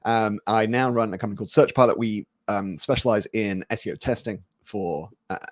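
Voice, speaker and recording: A man's voice: lowish voice, fairly quick, no echo. A British man speaking as a webinar guest over a video call, dry and understated, with many small fillers. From Britain. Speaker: guest, company founder. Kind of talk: casual webinar chat.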